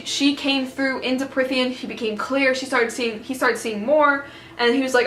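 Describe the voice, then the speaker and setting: A woman retelling a book in a casual, excited, rambling way, full of fillers. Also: high-pitched, moderate pace, echoey room, slight background noise, low-quality recording. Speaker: book vlogger.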